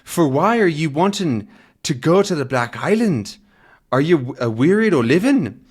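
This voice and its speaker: A man's voice: a little high, very animated, moderate pace, darkish tone, breathy edge, pitched above the performer's own voice. A man doing scared Scottish fishermen. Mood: alarmed. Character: frightened Scottish boatmen refusing a trip.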